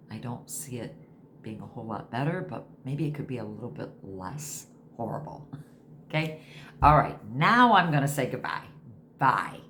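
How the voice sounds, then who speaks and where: A woman's voice: very deep voice, slight background noise. A woman in her sixties chatting casually to camera at home, rambling from one thing to the next. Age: 60s. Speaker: vlogger.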